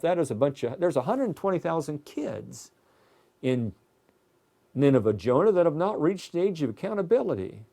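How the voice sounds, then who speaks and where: A man's voice: fairly high pitch, big pitch swings, moderate pace, vocal fry, warm tone. A man preaching a sermon in a conversational way, asking his listeners direct questions.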